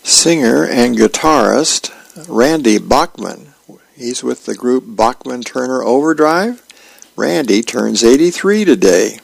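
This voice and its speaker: A man reading newspaper comic strips aloud on the radio at a steady pace, acting out the characters. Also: medium pitch, gravelly, no room sound, poor audio. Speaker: radio reader.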